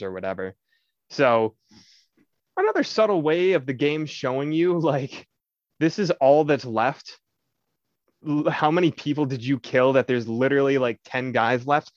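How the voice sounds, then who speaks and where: Young male podcast co-host, lively storyteller who swears freely, dry and slightly dull recording. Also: mid-range voice, normal speed, no room sound. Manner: animated storytelling, swears a lot, acts out quotes. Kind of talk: casual chat.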